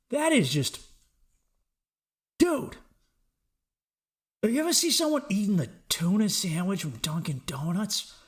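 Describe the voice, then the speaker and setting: A young man talks into a podcast mic in a high voice, cursing freely. He jumps between loud, fired-up pep talk and low, muttered asides. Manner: profane, excitable, swings between loud and low. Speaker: podcast host. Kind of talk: solo podcast rant.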